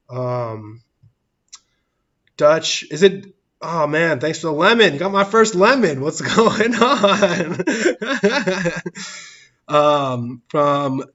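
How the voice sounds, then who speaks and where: A man's voice: medium pitch, a bit bright, highs cut off. A man hosting a casual livestream from a public place, rambling, laughing often and thanking his chat viewers. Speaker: livestream host.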